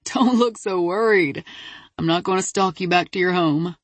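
A woman's voice: on the low side, moderate pace, no room sound, close to an everyday voice. A woman voicing a flirtatious, teasing adult man in an audiobook, easygoing and playful. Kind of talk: audiobook character voice.

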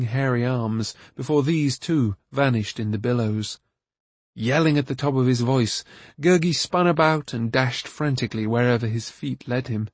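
A man narrating a fantasy novel aloud in a steady, even storytelling manner. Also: medium pitch, dry recording. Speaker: audiobook narrator. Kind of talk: scripted narration.

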